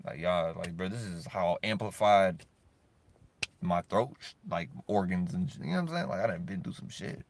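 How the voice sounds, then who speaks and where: A man, ranting in a rambling solo monologue, profane and heated, swinging between loud bursts and low mutters. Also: expressive, normal speed, a little hiss or hum. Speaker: monologuing creator.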